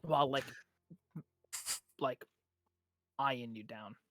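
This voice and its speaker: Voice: medium pitch, takes it slowly, fairly bright tone, slight background noise. A game master narrating a tabletop game, rambling and full of fillers.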